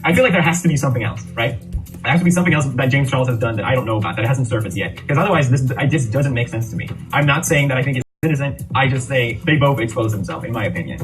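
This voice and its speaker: Fast, blunt male commentator heard from a distance over clear background music. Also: mid-range voice, lively intonation. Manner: blunt, critical, opinionated. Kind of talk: casual reaction commentary. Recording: distant mic with music behind.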